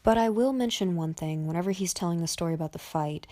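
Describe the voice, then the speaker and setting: Calm, low-voiced woman analyst. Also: fast talker. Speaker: YouTube commentator on body language. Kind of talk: voice-over commentary.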